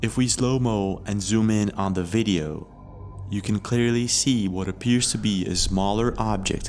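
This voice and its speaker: Male narrator, lower pitch, steady scripted storytelling that poses leading questions. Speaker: video narrator.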